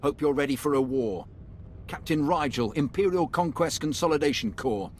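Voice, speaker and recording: A man's voice: on the high side, normal speed, darkish tone, slight background noise, natural voice. An actor playing a confident male imperial army captain in a video game, with a slick salesman-like delivery. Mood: brisk. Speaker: military officer in a game. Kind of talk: game voice acting.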